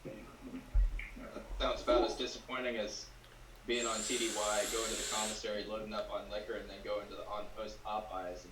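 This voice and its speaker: Deadpan low-voiced man, distant and echoey. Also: a little fast. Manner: dry deadpan one-liners. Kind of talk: casual chat. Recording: echoey room, off-mic, faint noise.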